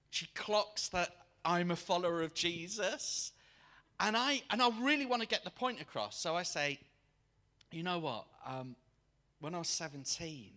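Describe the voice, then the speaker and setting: A man preaching a sermon to a congregation, telling a personal story in an animated way and acting out the people in it. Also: on the high side. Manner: animated, acts out quoted voices. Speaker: guest preacher.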